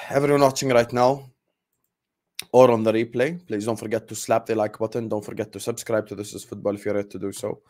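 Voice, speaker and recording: A man's voice: on the low side, little pitch movement, brisk, a little mellow. A young man hosting a football fan channel, ranting angrily with emphatic, repeated outbursts. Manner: angry, repetitive, emphatic outbursts. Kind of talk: heated fan rant.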